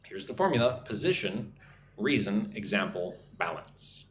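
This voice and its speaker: A man's voice: lowish voice, very animated, a little slow. A man with an American accent teaching a live English lesson, often checking in with "right?" and reading viewer comments aloud. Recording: echoey room, faint background noise.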